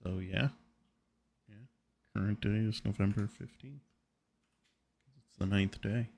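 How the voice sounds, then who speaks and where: A man's voice: lowish voice, fairly even intonation, takes it slowly, gravelly, darkish tone. A man giving casual gameplay commentary, thinking aloud and often muttering questions to himself. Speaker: let's play gamer.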